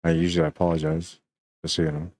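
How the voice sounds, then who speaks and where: A man doing relaxed, chatty play-by-play commentary on a live pool stream, often tagging his lines with "man.". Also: rumbling low, fast talker, dry recording. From Canada.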